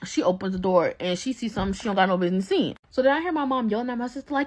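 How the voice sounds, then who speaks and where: A young woman with a mid-range voice tells a casual story-time. She is animated and exasperated as she talks. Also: medium pitch, rapid-fire, few pauses.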